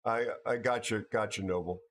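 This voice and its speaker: Sleep-deprived and weary, this American livestream host talks casually with viewers, frequently tripping over and repeating words. He speaks at normal speed in a lowish, steady, fairly bright voice.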